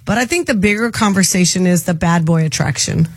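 A woman hosting a radio talk show, blunt and animated, teasing her co-hosts and callers from a studio mic. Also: lowish voice, brisk, slightly rough, no echo. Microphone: studio microphone.

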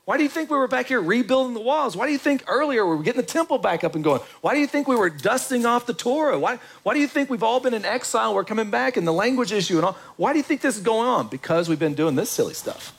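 A man preaching a sermon in an animated, conversational way, with quick asides to the congregation. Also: extremely high pitch, vocal fry, slightly rough. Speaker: pastor.

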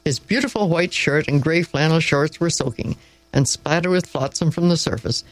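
A man narrating an audiobook in a measured, wry storytelling manner, close to the mic. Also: fairly high pitch, no echo, poor audio. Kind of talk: scripted narration.

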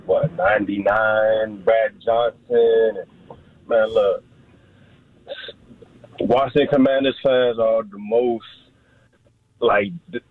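Husky man in his thirties on a phone line. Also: mid-range voice, no room sound. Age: 30s. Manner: rambling, casual, many fillers. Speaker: caller. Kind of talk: phone-in call. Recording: husky voice over a tinny, dry phone line.

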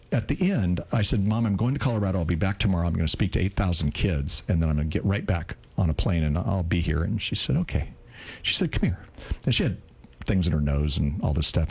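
A man in his sixties co-hosting a radio talk show, telling a heartfelt personal story and slowing down for emphasis. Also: darkish tone, husky. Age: 60s. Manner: acts out quoted lines in a higher voice.

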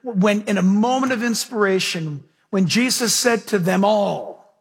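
A middle-aged man preaching a sermon as pastor, telling stories with big swings from loud to hushed. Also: high-pitched, a little slow, slightly rough, long reverb tail.

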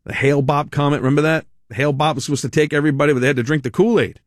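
A man's voice: fairly high pitch, very fast, no echo, studio quality. A man hosting a talk radio show, delivering a sarcastic, mocking monologue with frequent laughs.

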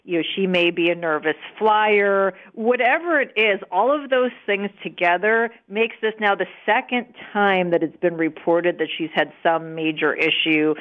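Female radio guest, chatty and wry, dull remote-line audio. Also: mid-range voice. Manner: chatty, self-deprecating, quick to laugh. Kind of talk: radio interview commentary.

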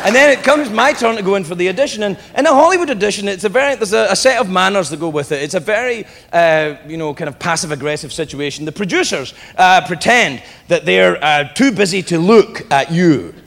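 A man's voice: sits high, animated, a little fast, gravelly, few pauses, a bit bright. A brash, profane, self-mocking man from Britain doing a stand-up routine on a comedy club stage over a laughing crowd.

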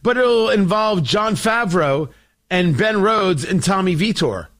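A man's voice: high voice, expressive, a little slow, a bit bright. A man hosting a political commentary show, delivering an opinionated monologue with sarcasm and theatrical asides to his audience.

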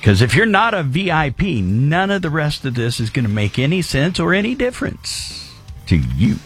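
A man's voice: on the high side, wildly swooping pitch, moderate pace, a bit bright. A man hosting a rock radio show, chatting loosely and playfully between songs. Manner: loose, playful, repeats numbers. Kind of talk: casual rock radio banter. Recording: music bed underneath.

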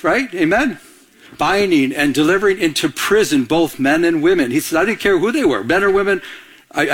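A male pastor preaches with lively call-and-response, asking his listeners for amens. He acts out the people in the story with changes of voice and often stumbles over his first words. His voice sits a little high for a man. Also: poor audio. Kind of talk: sermon.

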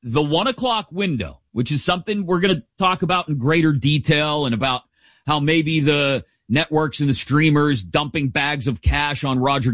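A man's voice: mid-range voice, a bit bright, no room sound. Jokey, emphatic middle-aged man. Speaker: sports podcast host. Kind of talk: casual opinionated commentary.

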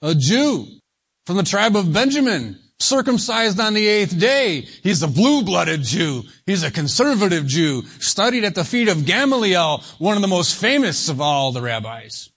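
A man preaching an expository sermon, speaking deliberately and stretching key words for emphasis. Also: high voice, sing-song, a bit bright, husky. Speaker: pastor.

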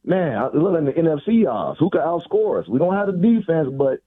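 Man, radio caller, relaxed and chatty, tinny phone line. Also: on the high side, brisk, breathy edge. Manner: relaxed, chatty, casual slang. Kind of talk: call-in chat.

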